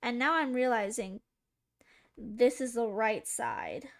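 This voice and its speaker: A woman's voice: on the high side, takes it slowly. A woman streamer chatting casually to her viewers while drawing, rambling, giggly and poking fun at herself. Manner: rambling, giggly, self-mocking, talking to chat.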